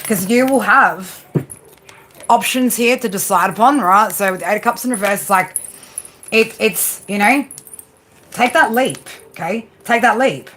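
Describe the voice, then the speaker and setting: A woman's voice: mid-range voice, unhurried, sharp tone. A woman giving a live tarot reading. She is blunt and swears freely. She coaches emphatically and keeps asking "right?". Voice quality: blunt and profane, peppers talk with "right?". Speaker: tarot reader.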